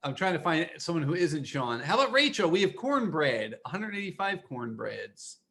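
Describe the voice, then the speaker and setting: A man running the tech and reading audience suggestions on a video call, relaxed and teasing. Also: a little high, normal speed, gravelly, noisy background. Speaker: show tech and suggestion reader. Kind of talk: casual chat on video call.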